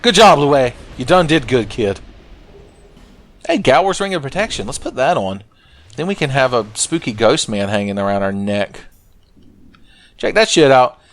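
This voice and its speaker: A man's voice: mid-range voice, expressive, normal speed, pauses often. A man giving casual, joking let's play commentary with lots of swearing and rambling asides. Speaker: gaming channel host.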